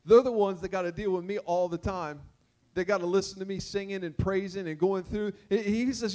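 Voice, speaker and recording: A man's voice: sits high, steady tone, brisk, warm tone. A man preaching a sermon, telling a story with many repeated words and bits of song. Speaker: pastor.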